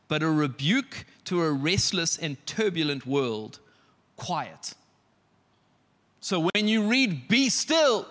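A man preaching a sermon to his church, earnest, with emphatic pauses and soft shushing. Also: fairly high pitch, long reverb tail.

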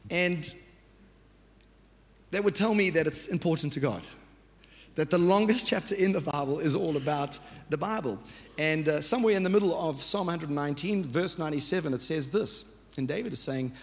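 A man's voice: on the high side, animated, a little fast. A man in his thirties preaching a sermon as pastor, earnest and conversational, with restarts and repeated phrases. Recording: reverberant church hall.

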